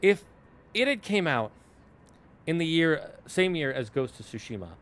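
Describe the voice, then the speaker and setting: A man's voice: a little high, very animated, normal speed, a bit bright. Rambling young man chatting on stream. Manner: rambling, self-correcting, talks in asides to chat. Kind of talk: casual chat to a live stream.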